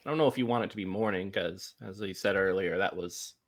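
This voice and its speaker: A man narrating as game master of a tabletop game, unhurried and rambling, with many ums and likes. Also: deep voice.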